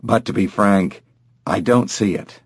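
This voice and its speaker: Brief: low, restrained middle-aged male doctor, read by the narrator, careful and cool. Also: husky, no room sound, studio quality. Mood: guarded measured. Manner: measured, reserved, guarded.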